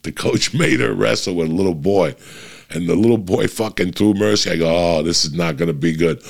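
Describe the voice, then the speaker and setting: Gravelly, low-voiced man telling a profane story. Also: fairly quick. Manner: animated, profane, gets louder and higher when worked up. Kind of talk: casual storytelling chat.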